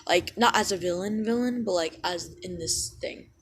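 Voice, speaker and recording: A woman's voice: lowish voice, normal speed, a little hiss or hum, low-quality recording. A young woman casually retelling a fan story, rambling and often correcting and apologizing for herself.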